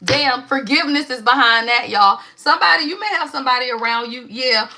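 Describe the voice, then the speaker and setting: A woman's voice: sits high, brisk, sharp tone, a little hiss or hum. A woman giving a live tarot reading in an emphatic, preachy call-and-response manner, swearing freely. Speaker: tarot reader.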